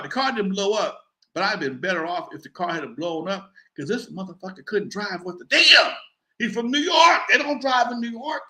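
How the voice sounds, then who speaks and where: Man, live-show host, storytelling, profane, animated, sharp forceful voice, fairly high.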